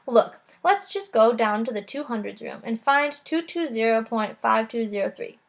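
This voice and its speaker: A woman voicing a sensible boy of about twelve who speaks in a steady, matter-of-fact way in a children's book reading. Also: a little high, normal speed, gravelly.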